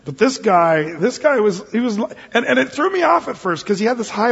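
A man with a high, husky voice delivers a sermon as pastor. He jokes his way through the teaching in a loose, conversational manner, and the sound is dull and lo-fi with a long reverberant hall tail. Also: animated, moderate pace, few pauses, a bit bright. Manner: joking, conversational preaching. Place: church sanctuary.

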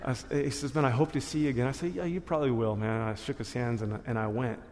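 A man's voice: medium pitch, fairly even intonation, quick pace, a little mellow. Man telling his testimony in a big hall. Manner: casual storytelling with slang, laughs at himself. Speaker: guest speaker sharing testimony. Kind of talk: church testimony talk. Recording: long hall reverb.

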